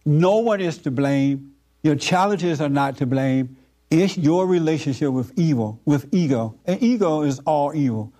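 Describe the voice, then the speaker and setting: Man, informal spiritual teaching, earnest, halting, slightly high voice, mellow tone. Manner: earnest, repetitive, halting with fillers.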